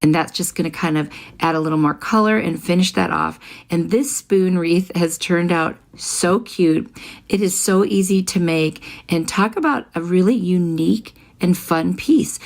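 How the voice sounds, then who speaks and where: A middle-aged woman narrates a craft tutorial as a voice-over, talking the listener through each step in a friendly, easy way. Her voice sits a little low for a woman. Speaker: craft channel host.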